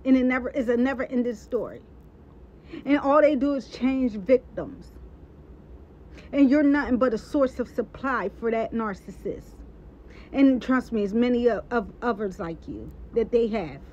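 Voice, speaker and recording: A woman's voice: fairly high pitch, normal speed, a little mellow, slight background noise. A woman giving a heated, emphatic rant and repeating her points for stress. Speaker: social media personality. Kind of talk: impassioned live-stream rant. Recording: dull lo-fi sound.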